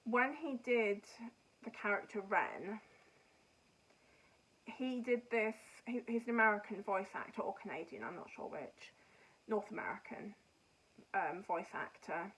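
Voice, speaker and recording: A woman's voice: medium pitch, a little slow, pauses often, a bit bright, husky, low-quality recording. A woman hosting a knitting podcast, chatting casually and frankly about books and shows she has finished. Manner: rambling, chatty, frank opinions. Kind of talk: casual chat reviewing books and TV.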